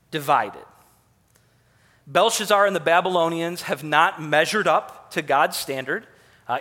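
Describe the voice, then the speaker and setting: A man's voice: fairly high pitch, bright, forceful tone, long reverb tail. A man preaching a sermon in a conversational way, with fillers and asides as he works through a passage.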